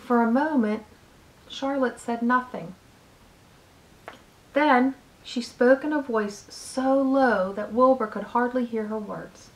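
A teacher reading a chapter book aloud with steady, expressive storytelling. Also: female voice, a little high, slow, low-quality recording.

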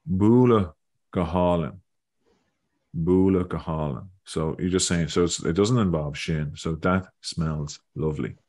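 A man's voice: sits low, unhurried, darkish tone. A man hosting a casual language lesson over a video call, thinking aloud and repeating words as he goes. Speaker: Irish learning video host.

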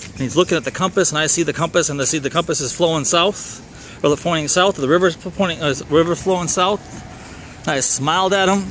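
A man's voice: a little high, quick pace, a bit bright, slight background noise. A middle-aged man from Minnesota with a Minnesotan accent, telling a casual personal story in a wry, rambling way that doubles back to correct himself.

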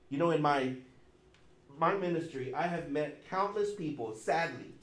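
Emphatic preaching man in echoey church. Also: a little high. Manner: emphatic preaching with repetition and sudden loud and soft swings. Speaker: pastor. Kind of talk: sermon.

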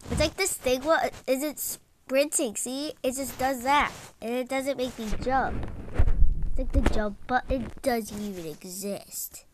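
A woman's voice: a little high, a little slow, a little hiss or hum, rough recording. A woman giving casual, stressed-out gameplay commentary, exclaiming often and saying "like" a lot. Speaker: gaming channel host.

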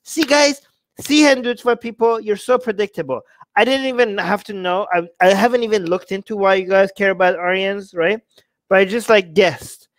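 A man's voice: sits high, normal speed, dry recording. A man hosting a livestream, mocking and exasperated as he reacts to the live chat. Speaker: livestream host. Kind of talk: livestream commentary.

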